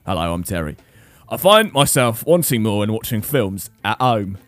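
A man voicing a gruff Yorkshire man who asks a question, in a mild Yorkshire accent. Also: fairly low pitch, very animated, moderate pace, fairly bright tone, dry recording. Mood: earnest. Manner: hesitant, stumbling, breaking into laughs.

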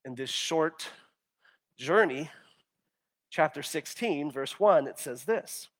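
High-voiced man preaching animatedly. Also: slow. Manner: animated, acts out biblical complaints in character; stumbles and repeats words often. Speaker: pastor. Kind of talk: sermon.

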